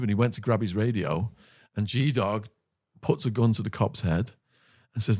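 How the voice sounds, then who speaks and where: A British man with a fairly low voice tells a story as a podcast guest. He is animated and vivid, breaking into quick laughs and side remarks. The sound is close and dry, with no room in it. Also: no echo. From Britain. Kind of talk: storytelling in conversation.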